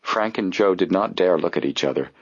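A man reading an audiobook in steady, even scripted narration. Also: sits low, fairly quick, husky, no echo. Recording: dull dry studio audio.

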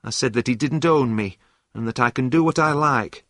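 A man's voice: mid-range voice, moderate pace, a bit bright, dry recording, clean studio sound, lightly acted. A man voicing an earnest young woman in a read-aloud story, speaking in a raised, careful voice.

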